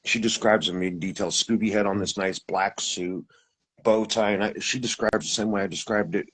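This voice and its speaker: A man with a husky voice, telling his experience in a casual, rambling way, with restarts and acted-out quotes. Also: fairly low pitch, steady tone, normal speed, a bit bright, low-quality recording. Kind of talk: casual storytelling.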